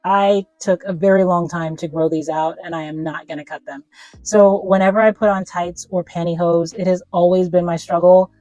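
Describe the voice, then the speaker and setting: A woman's voice: fairly low pitch, steady tone, moderate pace, mellow, no room sound, dull audio, faint music behind. A woman talking casually as a fashion vlogger, chatty and emphatic in a playful way. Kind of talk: casual product review.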